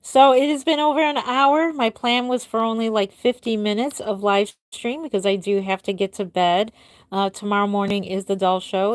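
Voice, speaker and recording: This clear, resonant female voice belongs to a middle-aged woman who crafts reborn dolls and is live streaming from her home. She chats casually, working through viewer comments one by one, and lets the ends of her thoughts sink soft and low. The recording is dry.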